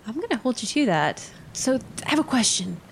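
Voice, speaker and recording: Lively woman player in a tabletop game. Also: on the high side, a little fast, creaky, slight background noise. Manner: giggly, lively. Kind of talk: playing a tabletop game in character.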